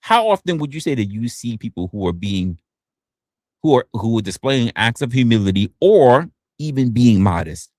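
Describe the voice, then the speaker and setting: A man's voice: normal speed, no room sound, clean studio sound. A man hosting a casual livestream, talking loosely and profanely and often stumbling and restarting his words. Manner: animated, swinging pitch up and down. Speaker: livestream host.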